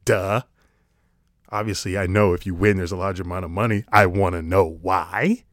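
A man's voice: low-pitched, fairly even intonation, brisk, a bit bright, dry recording, clean studio sound. A man talking to camera in a casual comedic monologue, sarcastic and rambling, swearing casually. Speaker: vlogger.

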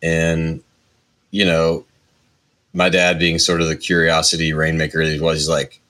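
A man in his forties, a musician guest, telling his story in a relaxed, rambling way with many hedges. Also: a bass voice, moderate pace. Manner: rambling, lots of hedges and restarts. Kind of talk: casual interview storytelling.

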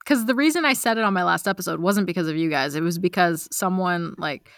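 Bright-voiced woman with a Latin lilt. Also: lowish voice, fast, dry recording, clean studio sound. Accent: light Mexican Spanish. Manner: animated, laughs often, swears casually. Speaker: podcast guest. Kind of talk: casual chat.

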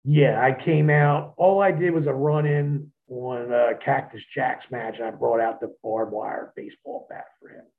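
A man, a wrestler, telling profane, animated stories as an interview guest over a phone line. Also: medium pitch, normal speed, few pauses. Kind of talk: storytelling in an interview.

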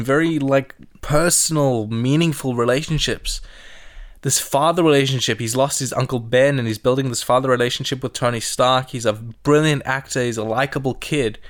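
A man in a casual movie discussion, telling scenes with emotion and quoting lines softly. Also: mid-range voice, moderate pace. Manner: emotional, animated storytelling, quotes scenes softly.

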